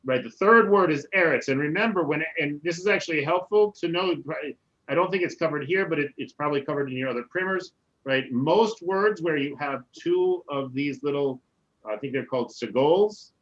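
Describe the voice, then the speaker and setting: A man, a rabbi, teaching a relaxed Hebrew class over a video call, often checking in with "right?". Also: on the high side, moderate pace, muffled recording. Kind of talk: casual online class teaching.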